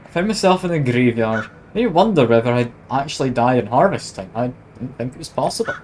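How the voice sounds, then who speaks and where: A man's voice: mid-range voice, animated, quick pace, darkish tone, slight background noise, rough recording. Wry man streaming a game. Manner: wry, self-mocking asides. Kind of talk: casual let's-play narration, reading game text aloud.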